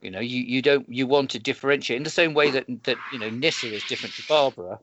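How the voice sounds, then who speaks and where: A man's voice: mid-range voice, fast, a crowd in the background. A man co-hosting a casual chat, rambling through explanations with many restarts. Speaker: podcast co-host. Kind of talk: casual chat planning a role-play. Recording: dull lo-fi sound.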